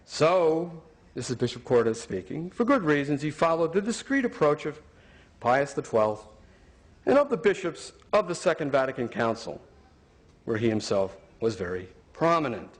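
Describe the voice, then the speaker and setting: Guy arguing his case, sarcastic, pitch jumps around a lot. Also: big pitch swings, moderate pace. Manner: sarcastic, emphatic, building rhetorical points. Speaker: speaker. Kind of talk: argumentative talk.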